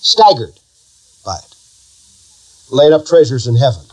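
A man's voice: medium pitch, very animated, a little slow, slightly rough, poor audio. A male pastor preaching a sermon, building emphasis through repetition and leading the congregation in call-and-response.

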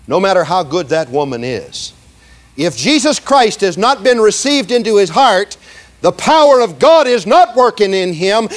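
High-pitched emphatic male preacher. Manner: emphatic, slows down to stress words, leads the congregation in repeating lines; asks "okay?" and "see?" often. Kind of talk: sermon.

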